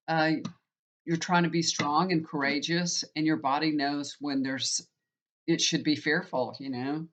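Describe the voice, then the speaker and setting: A woman's voice: low voice, fairly bright tone. A woman in her fifties, a tarot reader, telling a rambling personal story in a chatty, casual way. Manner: chatty, rambling, frequent "you know". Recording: dull lo-fi recording.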